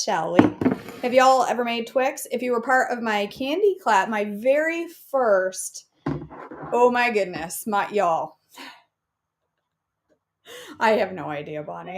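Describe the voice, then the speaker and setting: A woman's voice: fairly high pitch, takes it slowly, long pauses. A woman hosting a casual live cooking show from her home kitchen, chatting playfully with her viewers. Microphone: camera on a counter.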